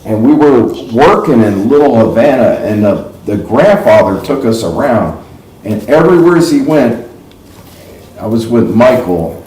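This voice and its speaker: His warm, mid-range voice swings widely in pitch and runs a little slow, heard with a roomy echo. A middle-aged livestream host from New York / New Jersey, he rambles through stories in a folksy, chatty way and laughs at them.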